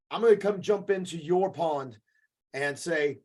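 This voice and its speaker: A man's voice: high voice, brisk, darkish tone. A man co-hosting a podcast as a jiu-jitsu coach, giving an emphatic, profane motivational talk that keeps checking in with "okay".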